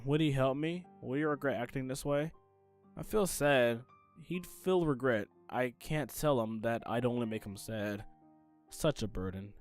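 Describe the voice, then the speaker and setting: A man's voice: mid-range voice, close to an everyday voice. A man reading the inner thoughts of a sad, anxious teenage schoolgirl from a game, in the first person, in his own everyday voice. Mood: gloomy. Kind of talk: game text read aloud.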